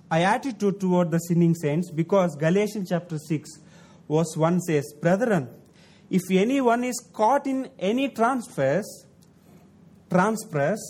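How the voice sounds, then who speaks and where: A man with a notably high voice preaches a sermon. His English has non-native phrasing, and he repeats key words and phrases for emphasis, pushing his voice up on the points that matter. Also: darkish tone. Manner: emphatic repetition, rising to stress points.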